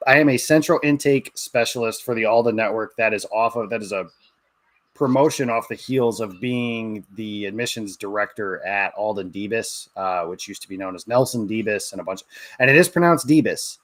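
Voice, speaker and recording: A man's voice: lowish voice, normal speed, fairly bright tone, dry recording. A man in his thirties, a guest on a podcast, talking in an easygoing, rambling way with lots of fillers. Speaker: guest, sportswriter. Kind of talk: casual podcast interview.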